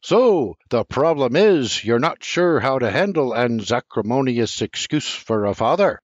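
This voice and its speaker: A man's voice: mid-range voice, very animated, unhurried, no room sound. An older man reading an audiobook voices a pompous father with a lofty, lecturing manner. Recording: dry, slightly muffled recording.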